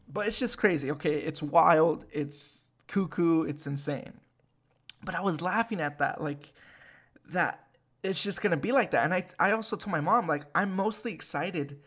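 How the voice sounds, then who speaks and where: Animated, foul-mouthed young man ranting. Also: a little high, normal speed. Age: 20s. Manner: animated and profane, with frequent fillers. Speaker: podcast host. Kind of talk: casual ranting monologue.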